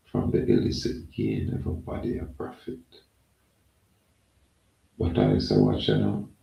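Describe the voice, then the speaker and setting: A man with a Jamaican accent talking in a loose, rambling monologue, often saying "yeah, man". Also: dull audio. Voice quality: gravelly, low and slow. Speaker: channel host. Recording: echoey room, mic at a distance.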